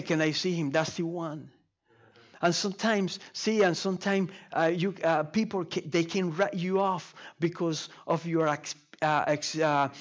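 A man preaching a sermon to his congregation, halting with frequent fillers and restarts, speaking to them directly. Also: on the high side. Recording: muffled lo-fi sermon recording.

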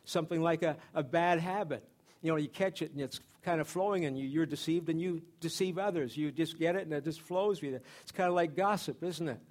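A man's voice: a little high, fairly quick, a little mellow. A middle-aged man giving a sermon in church as a pastor, conversational, with repeated phrases and restarts.

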